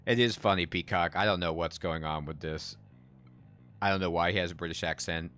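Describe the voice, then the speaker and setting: A man with a very low, deep voice gives chatty gameplay commentary, reacting aloud as things happen on screen. Faint game music plays softly underneath. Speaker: game streamer.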